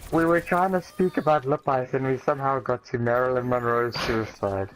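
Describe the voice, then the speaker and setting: A man's voice: medium pitch, steady tone, moderate pace, noisy background. A teenage boy, co-hosting a casual podcast chat, rambling and correcting himself as he jokes. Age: teens. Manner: rambling, self-correcting, joking. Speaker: podcast host.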